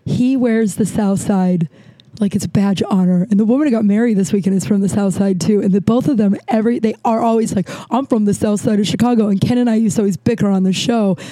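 A woman's voice: mid-range voice, fairly even intonation, fast, warm tone, no room sound. A woman hosting a podcast, telling a rambling story in a casual chat with lots of restarts and fillers. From Los Angeles. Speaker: podcast host.

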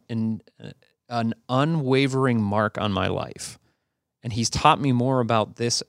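A man co-hosting a podcast, telling a story in a relaxed, rambling way with a gravelly voice. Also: medium pitch, dry recording, clean studio sound. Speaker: podcast co-host. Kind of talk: casual chat, storytelling.

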